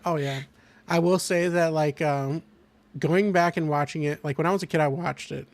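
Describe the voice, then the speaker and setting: A man's voice: fairly high pitch, fairly even intonation, moderate pace, dry recording. A young man hosting a casual podcast chat, rambling with lots of fillers and restarts. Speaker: podcast host.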